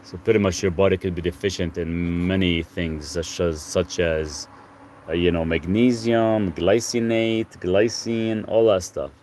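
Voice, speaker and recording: A man with a lowish voice hosts a casual livestream and answers viewers' health questions one after another. He talks in a loose, rambling way, full of fillers and restarts. Faint noise hums behind him. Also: normal speed, hardly any pauses. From Lebanon. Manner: relaxed, rambling, talks softly to his dog between questions. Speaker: health channel host answering live chat.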